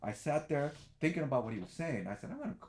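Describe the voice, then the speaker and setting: A middle-aged man, a background actor, telling a lively story in a casual chat and acting out the other people's voices. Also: a little high, quick pace, reverberant. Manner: animated, acts out quoted voices.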